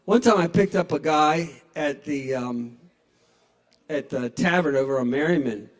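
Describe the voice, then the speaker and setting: A man's voice: on the high side, a little slow. A man in his sixties doing a stand-up comedy set in a small bar, telling wry, profane stories into a stage microphone. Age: 60s.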